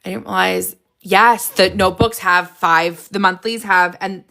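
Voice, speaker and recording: An excitable woman chats casually as she hosts a live stream, her voice carrying a gravelly edge. She hops from one idea to the next and laughs often. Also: medium pitch, unhurried. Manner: excitable, jumps between ideas, frequent laughs.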